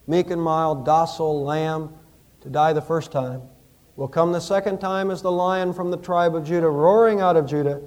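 A man preaching a Christmas sermon in a church, with impassioned rises and hushed storytelling. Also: fairly high pitch. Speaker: pastor.

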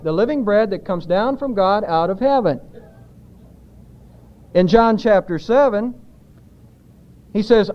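In this expository sermon, a male pastor with a strikingly high voice drives his points home and poses rhetorical questions to the congregation. He speaks unhurriedly, with lively intonation and long pauses, on a muffled, lo-fi recording whose highs are dulled.

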